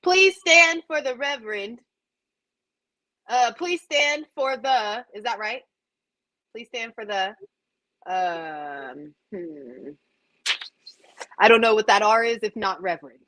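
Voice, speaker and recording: A woman's voice: mid-range voice, animated, slow pace, long pauses, a bit bright, dry recording. A woman host chatting casually, curious and asking question after question. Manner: curious, quizzing. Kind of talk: casual chat.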